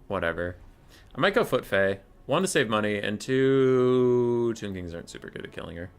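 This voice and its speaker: A man streaming a strategy game, giving casual commentary in an excitable way, swearing and talking to himself as he plays. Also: medium pitch, normal speed.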